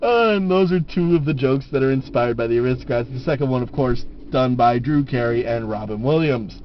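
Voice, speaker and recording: A man's voice: medium pitch, fairly quick, slight background noise. A man telling jokes casually to the camera, laughing at his own punchlines, on a dull lo-fi camera recording.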